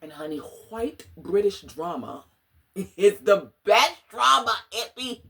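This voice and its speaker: A woman chatting casually in a book review vlog, animated and slangy, dramatic and often laughing. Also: mid-range voice, slow, vocal fry. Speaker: book vlogger.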